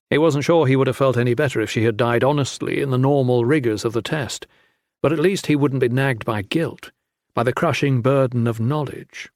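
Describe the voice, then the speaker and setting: Steady male audiobook narrator. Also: medium pitch, no echo, studio quality. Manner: steady, measured storytelling.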